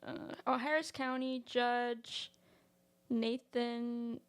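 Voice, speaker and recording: A woman's voice: fairly high pitch, little pitch movement, drawn-out words, clean tone. A woman co-hosting a podcast, telling a story in a chatty way with many fillers. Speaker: podcast co-host. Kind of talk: casual podcast chat.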